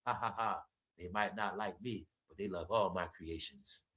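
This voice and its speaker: A man voicing a smug, scheming male music mogul who speaks slowly and gloats with a mocking laugh. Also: deep voice, fairly bright tone, slightly rough, voice pushed down.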